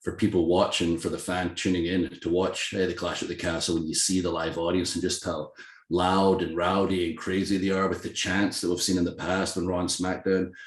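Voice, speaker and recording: Guesting on a casual interview, a deep-voiced Scottish pro wrestler talks fairly quickly in a roomy-sounding space. He's an animated, self-mocking storyteller who laughs a lot and performs the voices of the people he quotes.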